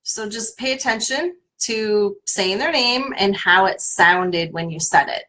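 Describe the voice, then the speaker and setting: Bright-voiced woman coaching a tapping exercise. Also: medium pitch, lively intonation, measured pace, slight background noise, poor audio. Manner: coaching, repeating a name over and over. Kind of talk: guided tapping exercise on a live stream.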